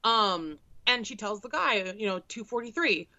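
A woman's voice: medium pitch, a little slow, sharp tone, no echo, dull audio. A young woman telling a comedic story in casual, profane, exasperated chat on a podcast. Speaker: storyteller co-host.

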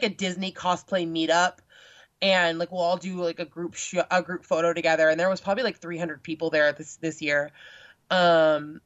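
Young woman, casual chatty guest, lowish voice, lo-fi dry sound. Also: no room sound. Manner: chatty, lots of filler words, animated when quoting. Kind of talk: casual chat. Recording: dull lo-fi sound.

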